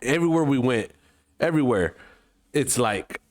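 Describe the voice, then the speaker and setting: A man from Mexico, co-hosting a podcast, telling a travel story with lively acted-out voices and plenty of swearing. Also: medium pitch, moderate pace, no room sound, clean studio sound. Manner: animated storyteller, acts out other people's voices, swears freely. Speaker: podcast co-host. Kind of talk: casual chat, storytelling.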